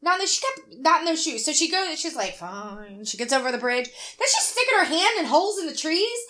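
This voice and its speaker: A woman in her thirties chatting casually, telling a story with lively swearing and acted-out voices of other people. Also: very high voice, fast. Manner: animated storytelling, acting out others' voices, profane. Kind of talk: casual chat.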